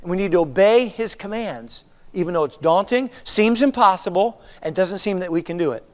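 A male pastor delivers a sermon in a high, expressive voice whose pitch leaps and falls. He shifts between quiet, confiding asides and drawn-out, emphatic exhortations, and his voice rings with the long reverb of a church sanctuary. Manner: preaching with dramatic swings from hushed to emphatic.

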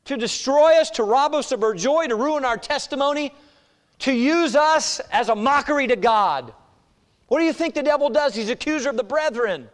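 Brief: male pastor, high voice, emphatic sermon delivery, loud and hushed by turns. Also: expressive, normal speed, big-room sound. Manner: emphatic preaching, swinging between loud and hushed.

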